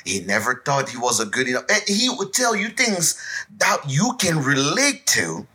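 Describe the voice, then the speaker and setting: Husky, animated male storyteller. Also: medium pitch, normal speed. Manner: animated storyteller, acts out voices and sounds. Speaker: podcast co-host. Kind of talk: casual chat with storytelling.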